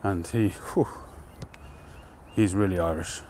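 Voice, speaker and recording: A man hosting a live stream outdoors, chatting to viewers in a relaxed, rambling way and greeting them by name. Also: deep voice, slow pace, a little hiss or hum. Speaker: pipe-smoking livestream host. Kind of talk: casual live-stream chat.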